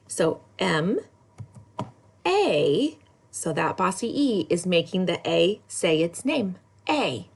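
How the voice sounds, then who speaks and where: A woman teaching a recorded lesson for kindergartners, spelling words slowly in a sing-song way. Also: lowish voice, gravelly, breathy edge. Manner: slow, sing-song spelling with lively ups and downs. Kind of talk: recorded lesson for young children.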